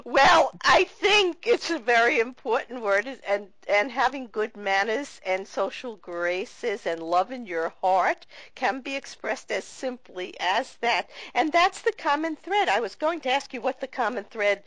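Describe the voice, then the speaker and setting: A woman's voice: fairly high pitch, lively intonation, a little slow, few pauses, a bit bright, dry recording, low-quality recording. A woman hosting a radio interview who asks earnest, emphatic questions.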